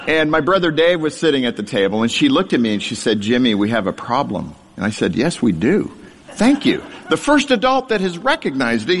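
Man telling a humorous testimony in a reverberant hall. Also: mid-range voice. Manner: self-deprecating humor, laughs through lines. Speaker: speaker sharing a testimony. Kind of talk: storytelling sermon to a live audience.

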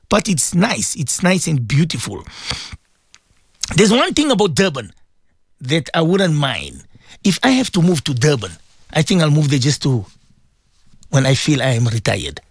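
A middle-aged man from South Africa presenting a radio show, chatting warmly with listeners and reading out their messages with frequent laughs. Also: high voice, dry recording, clean studio sound. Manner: chatty, affectionate, laughs often.

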